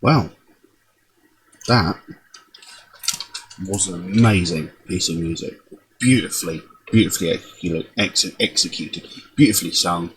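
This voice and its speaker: A man's voice: deep voice, unhurried, pauses often, noisy background. A man hosting a music reaction video, giving admiring, loosely paced commentary with frequent ums. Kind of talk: casual commentary.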